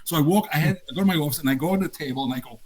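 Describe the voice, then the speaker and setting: An older man tells animated stories from his years as a game designer, laughing often as he goes. His voice sits a little high for a man. The talk is a relaxed interview chat. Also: very fast. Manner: animated, laughing anecdotes with acted quotes. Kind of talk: casual storytelling interview.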